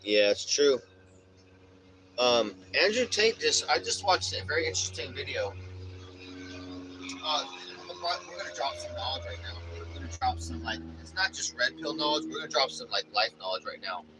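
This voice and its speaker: A man's voice: medium pitch, big pitch swings, moderate pace, background noise. Profane ranting young man streamer. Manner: profane, blunt, swaggering, says "bro" a lot. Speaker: livestream host. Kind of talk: casual rant to a live chat.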